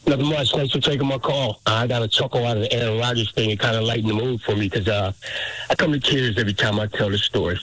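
A man's voice: medium pitch, steady tone, fast talker, a bit bright, rough recording. A man in his fifties, a veteran calling a radio show, telling a story earnestly and with emotion. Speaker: caller, military veteran.

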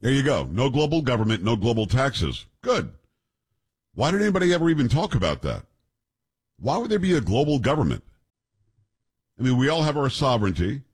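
A man's voice: medium pitch, big pitch swings, fairly quick, long pauses, husky. A man hosting a podcast, chatting casually and reading news aloud, joking and tripping over foreign names. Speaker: podcast host.

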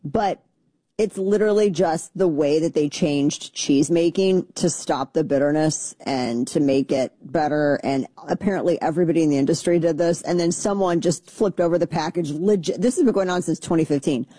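A woman chatting casually and emphatically, with quick asides. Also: low voice, warm tone, no echo. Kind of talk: casual chat to camera.

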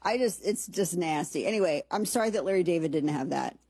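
Sarcastic woman rambling thru her show, bit husky, low-ish, dry close sound. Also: animated, fairly quick, a little mellow, no room sound. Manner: chatty, sarcastic, rambling asides. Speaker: commentary show host. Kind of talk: casual monologue commentary.

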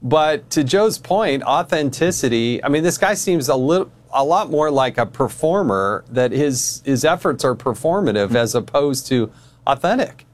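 A man's voice: medium pitch, lively intonation, normal speed. A man hosting a panel discussion, handing questions to guests in a hesitant, conversational way. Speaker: host.

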